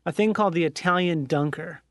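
High-voiced man in casual banter. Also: a little fast, no echo, clean studio sound. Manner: easygoing, profane, animated when reminiscing. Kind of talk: casual chat.

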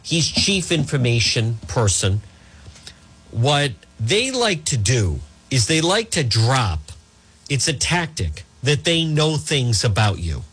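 A male talk show host rambles through his commentary, stopping and restarting often. His pitch swings up and down a lot as he talks. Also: very animated, takes it slowly, fairly bright tone, breathy edge. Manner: rambling, with many fillers and restarts. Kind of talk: casual political commentary.

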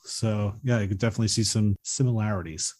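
A man co-hosting a movie podcast, reading out production facts and box office numbers at an even pace. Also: fairly low pitch. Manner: measured, fact-reciting delivery. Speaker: podcast co-host. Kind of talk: reading film trivia in casual chat.

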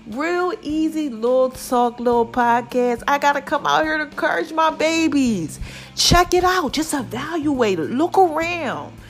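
A middle-aged woman hosting a casual podcast, animated and preachy, calling her listeners "babies" and "y'all". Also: high-pitched. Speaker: podcast host. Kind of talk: casual encouraging podcast talk.

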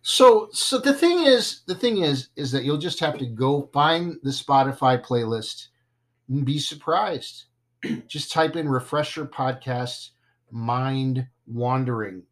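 A man's voice: mid-range voice, slow. A man hosting a casual podcast, joking and stumbling over his words now and then. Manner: playful, self-deprecating, stumbles over words. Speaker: podcast host.

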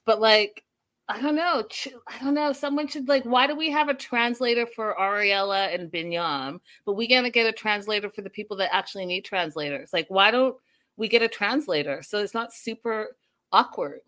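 A young adult woman hosts a casual livestream recap of a show, chatting with viewers and animatedly acting out quotes. Her voice is medium-pitched and she talks at a normal speed.

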